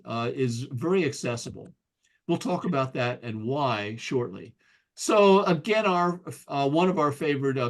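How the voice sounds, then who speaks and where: An American man giving a casual, self-deprecating presentation to an astronomy club as a guest speaker, full of ums and restarts. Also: medium pitch. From United States.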